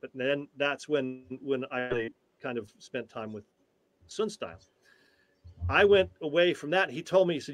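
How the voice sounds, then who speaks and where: Man in his sixties, interview guest, halting storytelling, mid pitch, dry. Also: no room sound. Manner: animated, halting, with frequent restarts. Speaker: tai chi teacher, interview guest.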